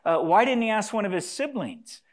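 Preaching to a congregation, this pastor has a high, very animated voice at a moderate pace. He's earnest, leans on repeated key phrases, and at times asks the audience to echo his lines.

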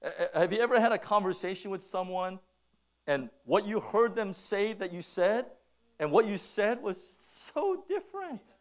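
A middle-aged man preaching a sermon as pastor, telling stories with many restarts and then slowing down to stress his points. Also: high voice. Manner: animated storytelling with many restarts, then slow emphatic preaching.

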